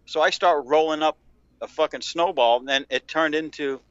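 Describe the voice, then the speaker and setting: A man's voice: a little high, normal speed, a bit bright, clean tone, no room sound, muffled recording. A man co-hosting a casual podcast, telling a rambling, profane story and laughing often. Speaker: podcast co-host.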